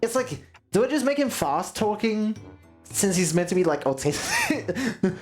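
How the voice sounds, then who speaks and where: A woman's voice: medium pitch, wildly swooping pitch, a little slow, darkish tone, soft background music. A woman streamer chatting casually while playing, swearing and laughing at herself. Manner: swearing, laughing, self-deprecating.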